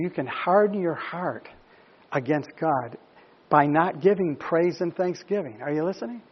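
A male pastor with a high voice delivers a sermon, moving between calm explanation and emphatic, rising questions to his listeners. The recording is dull and lo-fi.

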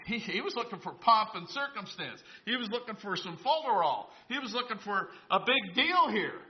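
A high-voiced man preaching a sermon in a church, recorded with a dull, lo-fi sound. He retells a Bible story in a conversational way and stops to ask the congregation questions. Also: very animated, moderate pace, a little hiss or hum. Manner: storytelling, voices biblical characters in asides. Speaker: pastor.

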